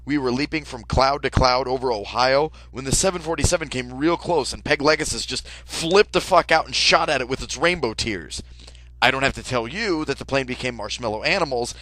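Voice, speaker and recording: A young man telling an absurd comic story in a casual, deadpan way, peppered with swearing and "like". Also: medium pitch, fairly quick, no echo, low-quality recording. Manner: casual, deadpan, profane, lots of "like".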